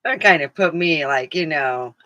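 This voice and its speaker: A woman's voice: low-pitched, moderate pace, pushed and bright, dry recording, highs cut off. A middle-aged woman vlogging in a casual, rambling chat, who laughs often and acts out the things people said.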